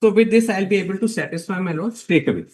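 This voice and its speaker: A man's voice: high voice, quick pace, darkish tone. A man arguing a case before a court, formal and deferential, setting out numbered points and addressing the bench as my lord.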